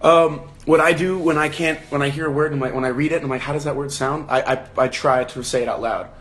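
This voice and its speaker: A man's voice: a little high, fairly even intonation, fast, a bit bright. A young man hosting a casual livestream book chat, thinking aloud with frequent restarts and questions to his viewers. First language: English. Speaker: livestream host leading a book discussion.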